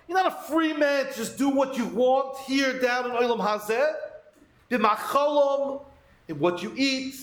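High-voiced man teaching in an echoey room. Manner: earnest storytelling with Hebrew terms woven in. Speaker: Torah teacher. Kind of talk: Torah lesson sermon.

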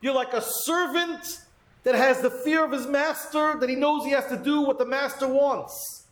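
A man's voice: extremely high pitch, fairly even intonation, normal speed, fairly bright tone, echoey room, rough recording. A man giving a Torah lesson, earnestly telling a story and weaving Hebrew terms into his talk. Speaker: Torah teacher.

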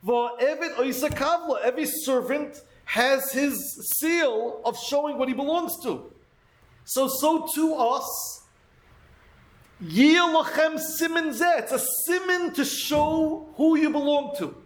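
A man's voice: very high voice, slow pace, roomy sound, rough recording. A man giving a Torah lesson, earnestly telling a story and weaving Hebrew terms into his talk. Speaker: Torah teacher.

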